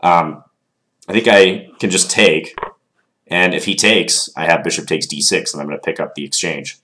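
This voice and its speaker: A man with a very low voice, congested from a cold, walks through a chess game in a loose, thinking-aloud way. He pauses often with ums and second-guesses his own lines. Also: fairly even intonation, sharp tone. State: stuffed up from a cold. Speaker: chess commentator. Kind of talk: casual game analysis.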